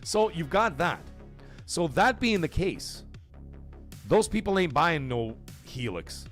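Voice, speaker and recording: A male livestream host talks gaming in a loose, animated rant. His pitch swoops widely and he breaks into loud outbursts and swearing. Faint music plays underneath. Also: slow.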